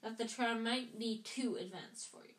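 A woman's voice: fairly high pitch, moderate pace, fairly bright tone, lightly acted. A woman voicing a kindly male wizard teacher, explaining patiently in a home reading. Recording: roomy echo.

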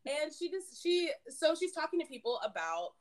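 A woman's voice: high-pitched, sing-song, moderate pace. A woman in her late twenties co-hosting a podcast, chatting casually with friends and filling her talk with "like" and "um". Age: 20s. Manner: chatty, giggly, lots of "like" and "um". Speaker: podcast co-host. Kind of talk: casual chat.

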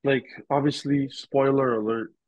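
A man's voice: mid-range voice, fairly even intonation, measured pace, a little mellow, no echo, muffled recording. A man as a podcast guest on a video call, talking earnestly and thoughtfully in a casual, somewhat rambling way. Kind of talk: casual chat.

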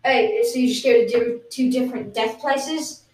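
High-voiced woman co-hosting a comedy podcast. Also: moderate pace. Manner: teasing, quizzing questions. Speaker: podcast co-host. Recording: roomy, distant mic.

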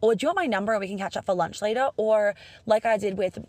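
A woman's voice: mid-range voice, fast, a little mellow, dry recording. A young Australian woman with an Australian accent, talking casually to camera in a chatty, upbeat, profane way and acting out bits of dialogue.

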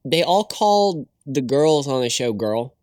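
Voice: mid-range voice, slow, dry recording. Wry joking co-host, dry close sound. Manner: wry, joking, deadpan asides. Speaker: podcast co-host. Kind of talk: casual chat reviewing old TV.

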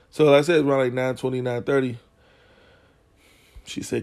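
A man's voice: medium pitch, steady tone, normal speed, long pauses. A man hosting a podcast, telling a story in a casual, profane, slangy way, getting heated as he goes. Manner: slangy, profane, gets heated and loud when retelling arguments. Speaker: podcast host.

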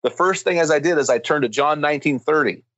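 A man's voice: a little high, fast talker, a bit bright, no echo, dull audio. A man speaking as a guest, telling a story and preaching with emphatic, fervent build-ups. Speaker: guest speaker on men's ministry. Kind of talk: impassioned preaching-style storytelling.

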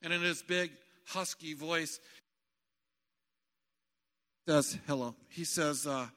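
A male pastor delivers a sermon with animated emphasis and builds to shouts. His tone is bright and a little high. A long reverb trails every phrase through the sanctuary. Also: unhurried. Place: church sanctuary.

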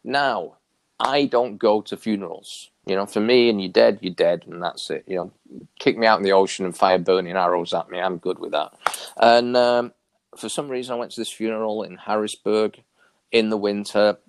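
A man telling a personal story as an interview guest in casual talk, acting out quoted dialogue with sudden high jumps in his voice. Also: normal speed. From New York area. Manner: animated, acts out quoted dialogue with big pitch jumps.

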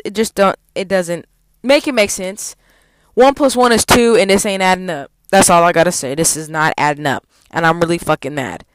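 A woman's voice: fairly low pitch, clear, resonant tone, no room sound. A young adult woman, a college student, venting in a heavily profane, heated vlog rant.

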